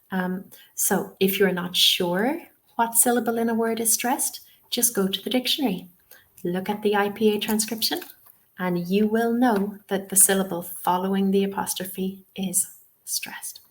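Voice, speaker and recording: A woman leading an online lesson as a teacher trainer, explaining patiently and often checking in with "okay?". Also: mid-range voice. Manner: reassuring, frequent "um" and "okay?" check-ins. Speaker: TEFL trainer. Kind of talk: webinar lesson.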